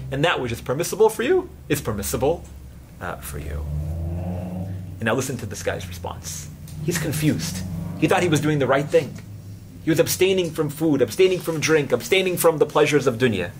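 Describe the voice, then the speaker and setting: A man's voice: medium pitch, slight background noise. A man in his thirties giving an informal sermon, telling stories in a conversational way with many fillers and quoted dialogue. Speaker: religious scholar and chaplain.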